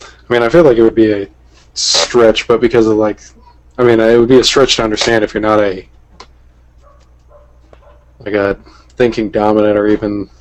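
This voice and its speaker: A man's voice: lowish voice, level tone, normal speed, pauses often, rough recording. A man hosting a livestream in casual chat, rambling and teasing. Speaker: livestream host.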